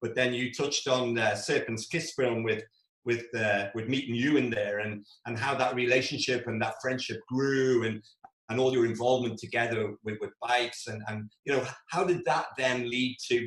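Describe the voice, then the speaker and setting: Man interviewer in an echoey room. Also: medium pitch. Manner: relaxed, rambling questions with repeated words. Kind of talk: casual interview questions.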